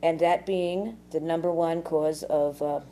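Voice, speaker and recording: Woman vlogger, rambling profane rant, lowish voice, dark mellow tone. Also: steady tone, measured pace, slight background noise. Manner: rambling, profane, with many fillers. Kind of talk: casual ranting monologue.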